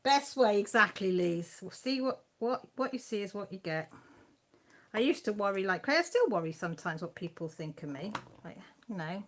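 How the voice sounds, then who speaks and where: A woman with an English accent hosting a casual live chat from home, rambling and quick to laugh. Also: medium pitch, expressive, fairly bright tone, slight background noise. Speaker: craft channel host.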